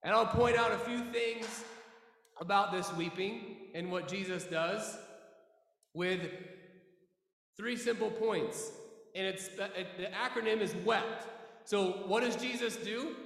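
A man preaching a sermon as pastor, earnest, with slow dramatic pauses and phrases that sink low. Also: fairly bright tone. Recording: echoey hall from far off.

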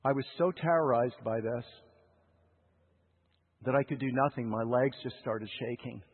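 A man preaching a sermon in a husky voice, telling a story with emotional swings between loud urgency and hushed lows, heard over a tinny radio broadcast. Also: normal speed. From United States. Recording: tinny radio broadcast with long hall reverb.

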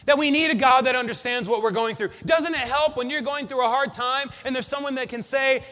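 High bright-voiced guy preaching hard, big church reverb, gets shouty. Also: normal speed. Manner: impassioned, builds to shouted refrains. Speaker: pastor. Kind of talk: sermon. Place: church sanctuary. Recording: long hall reverb.

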